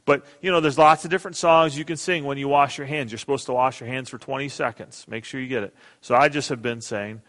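Man, middle-aged pastor, sermon, emphatic then hushed, mid pitch, long reverb. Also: fairly even intonation, fast, few pauses. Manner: earnest, emphatic preaching with soft prayerful drops.

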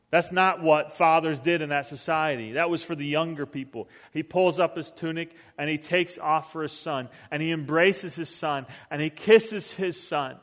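Man, pastor, conversational sermon, high voice, long hall reverb. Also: fairly bright tone. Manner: conversational, acts out quoted voices.

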